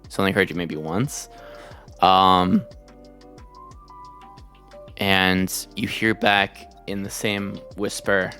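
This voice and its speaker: A woman narrating a tabletop role-playing game as game master, chatty and relaxed with many fillers. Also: extremely low pitch, slow, long pauses, faint music behind.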